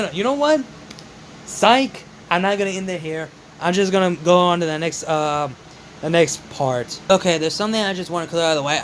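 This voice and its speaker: A man's voice: fairly high pitch, fairly bright tone, slight background noise, poor audio. A young man casually narrating his own fan-made story, rambling and correcting himself often. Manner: rambling, repeats "just", self-corrects.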